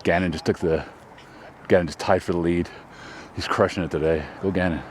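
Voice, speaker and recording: A Texas man hosts a casual outdoor vlog on a disc golf course, rambling about his throws in a chatty, self-deprecating way. His voice is low-pitched with fairly even intonation and a slightly fast pace, and the background is noisy.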